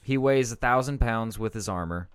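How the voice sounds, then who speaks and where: A man's voice: on the low side, normal speed, clean tone, dry recording, studio quality. A young man co-hosting a podcast, chatting casually, rambling and laughing often. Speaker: podcast co-host. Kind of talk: casual chat.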